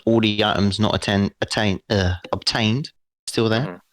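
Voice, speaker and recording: A man running a tabletop game as game master, narrating slowly and deliberately. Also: on the low side, steady tone.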